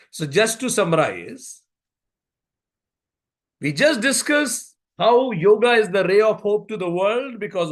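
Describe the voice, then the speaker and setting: A man giving a spiritual yoga talk at a symposium, telling stories and repeating key phrases deliberately. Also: sits high. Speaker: yoga speaker.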